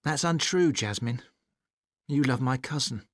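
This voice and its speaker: Woman voicing a jealous young boyfriend, low voice, gloomy, accusing, dry sound. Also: animated, unhurried, dry recording, full character voice. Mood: sulky. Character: jealous sulky young man, insecure boyfriend. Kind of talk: textbook dialogue acting.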